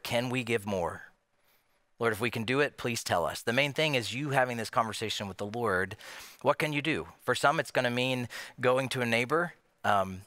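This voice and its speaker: A man preaching a sermon as pastor, animated, asking many rhetorical questions and acting out the voices of imagined people. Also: mid-range voice, no room sound.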